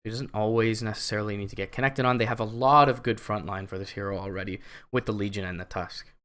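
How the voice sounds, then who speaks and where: A young man with a Canadian accent giving solo esports play-by-play commentary, chatty and relaxed with lots of fillers. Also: on the low side, quick pace. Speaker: esports caster.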